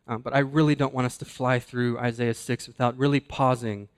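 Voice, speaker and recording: Man, pastor, mid-pitched voice, earnest sermon delivery, slows and hushes for emphasis. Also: clear, resonant tone.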